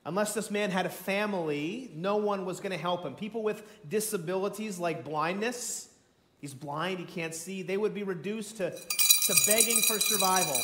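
A man preaching a sermon as pastor, telling the story dramatically, acting out voices and swinging from shouts to near whispers. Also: sits high, a little fast. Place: church sanctuary. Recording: echoey church room.

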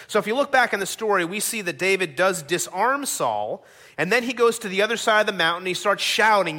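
Bright-voiced man preaching a sermon. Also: high-pitched. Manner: conversational, rhetorical questions and frequent "right?". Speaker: pastor.

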